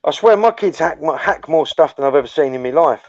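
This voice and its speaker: A man's voice: a little high, expressive, a little fast, no echo. A middle-aged man, chatting casually, swearing freely, stumbling over words and laughing often. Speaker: participant in a group voice chat. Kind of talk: casual banter. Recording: dry, dull lo-fi audio.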